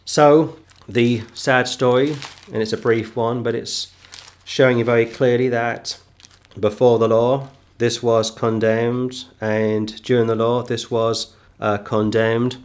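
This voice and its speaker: A man teaching a Bible sermon, reading King James verses slowly and repeating phrases for emphasis. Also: mid-range voice, flat delivery. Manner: reads scripture slowly, then comments with emphatic repetition. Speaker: preacher.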